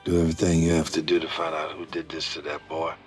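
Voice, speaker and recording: A hard-boiled middle-aged tough guy from an action film, speaks in a very low, laid-back mumble. Film score music sits clearly behind his lines. Every line sounds unhurried and flat. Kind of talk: film dialogue clips.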